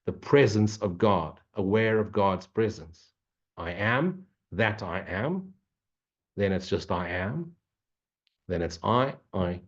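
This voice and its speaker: Husky blunt spiritual teacher, man. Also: low-pitched, muffled recording. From Africa. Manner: blunt, swearing, mocking; repetitive, preachy. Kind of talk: non-dual Q&A talk.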